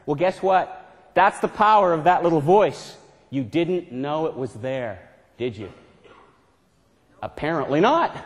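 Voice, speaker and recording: A fairly high-pitched man delivers a motivational seminar to a live audience, joking around and firing questions back at the room. His voice rings out with a long reverb tail from the lecture hall. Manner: playful, keeps quizzing the audience. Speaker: management consultant giving a seminar.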